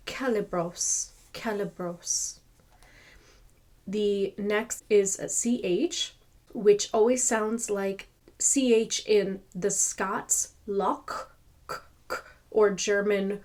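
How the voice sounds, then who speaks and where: A woman teaching pronunciation, repeating each sound slowly to demonstrate it. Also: medium pitch, darkish tone. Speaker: language teacher. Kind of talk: slow pronunciation lesson.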